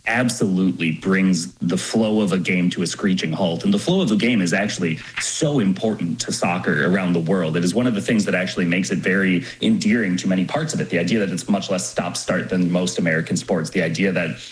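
A man's voice: low voice, a little fast, hardly any pauses, slight background noise, rough recording. A man sports journalist explaining the game fluently in an interview. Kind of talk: radio interview answers.

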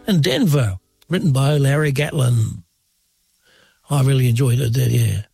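A man hosting a radio show, back-announcing a song in a relaxed, slightly halting way. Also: medium pitch, vocal fry, husky, dry recording, soft background music. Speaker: radio host. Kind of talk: casual radio presenting.

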